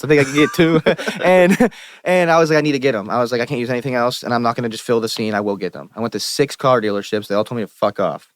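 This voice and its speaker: A young man with a Pittsburgh accent, a musician guest telling stories on a podcast in an animated, profane way and acting out the people he quotes. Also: medium pitch, no room sound, clean studio sound. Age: young adult. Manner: animated, profane, quotes himself and others in lively asides. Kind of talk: casual podcast storytelling. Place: podcast studio.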